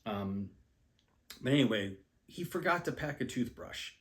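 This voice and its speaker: A language learner with a medium-pitched, expressive voice speaks a little slowly as he casually tells a personal travel story. He rambles, with many ums and restarts, and is self-deprecating about his skills.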